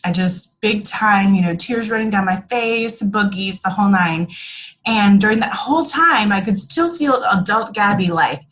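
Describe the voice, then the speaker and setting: A woman talking casually and reflectively about her own experience, with lots of fillers, slowing and softening at tender moments. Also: mid-range voice, low-quality recording. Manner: chatty, many fillers, drops softer and slower at reflective moments. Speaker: speaker sharing a personal story.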